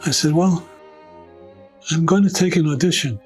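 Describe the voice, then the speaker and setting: A man's voice: fairly high pitch, normal speed, long pauses, soft background music, low-quality recording. An older man recalling his career in an oral history interview, acting out the voices of people in his stories. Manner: animated anecdotes, acting out quoted voices.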